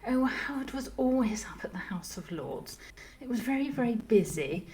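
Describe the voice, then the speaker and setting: A woman's voice: fairly high pitch, expressive, moderate pace, mellow, slight background noise, lightly acted, poor audio. A woman voicing a posh upper-class English lady socialite, with a put-on posh English accent, theatrical and gushing, calling everyone darling. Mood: airy. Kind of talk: improvised role-play.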